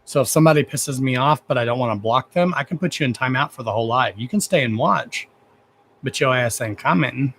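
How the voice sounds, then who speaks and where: A man's voice: mid-range voice, quick pace, a bit bright, a little hiss or hum. A man hosting a casual livestream, talking to his viewers bluntly and with lots of swearing while gushing over them. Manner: blunt, profane, affectionate toward viewers. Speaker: livestream host.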